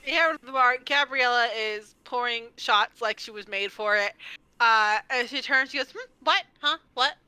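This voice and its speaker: A woman runs a tabletop game as game master, narrating scenes and teasing her players playfully. Her voice is very bright and sits a little high. The sound is dry and close. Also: normal speed, clear, resonant tone, dry recording, low-quality recording.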